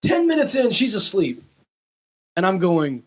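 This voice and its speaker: A man from Texas is a guest on a podcast, telling stories with animated energy. His voice sits a little high and swings widely. He chats in a loose, casual way. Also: normal speed. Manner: animated storyteller. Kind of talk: casual chat.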